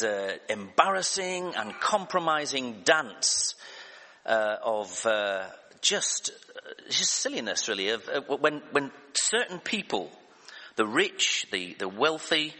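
A man's voice: mid-range voice, sharp tone. A man preaching a sermon, hesitant and self-deprecating, with many fillers and restarts. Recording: reverberant church hall.

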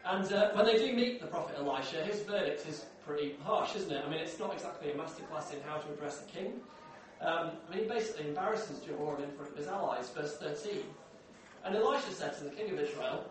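High-voiced preacher in an echoey hall. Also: male voice, fast talker, recorded from a distance, slight background noise. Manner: conversational, asks the room questions. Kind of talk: sermon. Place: large echoey church hall.

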